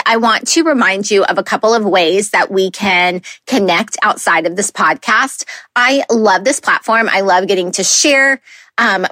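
A woman's voice: a little high, fairly bright tone, no echo. A woman in her thirties hosting her own podcast, talking casually and earnestly with frequent fillers. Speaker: podcast host. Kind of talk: casual solo podcast talk.

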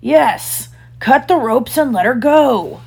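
A woman's voice: sits high, animated, takes it slowly, vocal fry, darkish tone, husky, pitched above the performer's own voice, exaggerated voice. A woman voicing a bold, boastful boy hero in a storybook, ringing and cocky. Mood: imitating captain.

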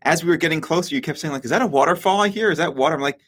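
A man's voice: on the high side, a bit bright, husky, no echo, studio quality. A young man hosting, chatting casually in an upbeat, teasing way. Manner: upbeat, talks fast, teasing. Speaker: host of a prayer stream. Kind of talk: casual chat.

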